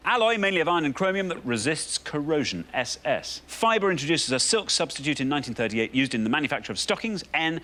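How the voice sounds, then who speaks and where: Lively, bright-voiced quiz show host. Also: male voice, a little high, fast, few pauses. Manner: playful, reads clues aloud. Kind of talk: television quiz hosting. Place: TV studio.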